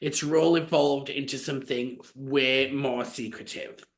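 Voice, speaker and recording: A man co-hosting a podcast, telling a story in a chatty, animated way with lots of fillers. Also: medium pitch, unhurried. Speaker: podcast co-host. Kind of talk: casual storytelling chat.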